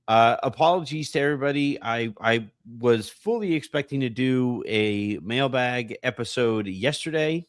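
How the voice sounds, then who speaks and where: Hoarse podcast host with a dry sound. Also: male voice, medium pitch, moderate pace, few pauses, dry recording. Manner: rambling, self-deprecating, many fillers and restarts. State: hoarse, voice partly gone. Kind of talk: casual podcast chat.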